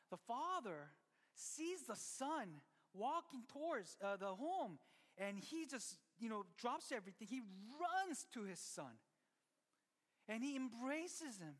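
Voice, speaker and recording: A preacher retelling a story in a loose, chatty way, stumbling over restarts and checking in with the congregation. The voice carries a long reverb tail from a large church sanctuary. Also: mid-range voice. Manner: conversational, with many restarts and asides to the listeners. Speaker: pastor. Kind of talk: sermon storytelling.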